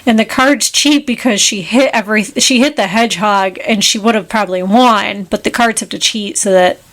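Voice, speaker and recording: A woman co-hosting a podcast, retelling a film plot in casual chat with animated, quick asides. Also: medium pitch. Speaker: podcast co-host.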